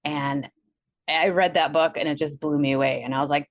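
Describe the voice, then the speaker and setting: Lively Wisconsin-accented woman telling her story. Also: fairly quick, dry recording. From Milwaukee, Wisconsin. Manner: animated, acts out her own past thoughts in a higher voice. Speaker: guest, energy healer. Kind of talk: casual interview storytelling.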